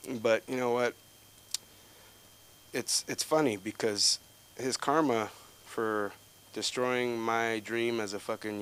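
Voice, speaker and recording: A man's voice: fairly low pitch, poor audio. Brief: man, stand-up comic at an open mic, rambling and foul-mouthed, with faint background noise. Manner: profane, rambling storytelling, loud outbursts for quoted people. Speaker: stand-up comedian. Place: comedy club stage.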